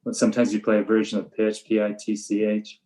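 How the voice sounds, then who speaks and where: An older man, a veteran baseball coach, speaks in a low and fairly flat voice. His manner is plain and matter-of-fact as he explains his drills. Every so often he acts out the blunt words he gives his players. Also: fast talker, rough recording. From USA. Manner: flat, matter-of-fact storytelling, acting out his own sharp coaching lines. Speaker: high school baseball coach. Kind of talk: relaxed podcast interview.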